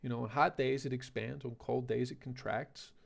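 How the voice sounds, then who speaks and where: A man's voice: medium pitch, steady tone, moderate pace, creaky. A male teacher giving a vocabulary lesson, rambling and correcting himself, often checking in with "okay?" and "right?".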